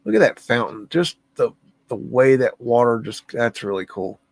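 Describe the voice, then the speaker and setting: A man's voice: mid-range voice, expressive, moderate pace, vocal fry, no echo. A man hosting a livestream, musing aloud and easily amazed as he comments on photos, humming to himself between remarks. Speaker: livestream host.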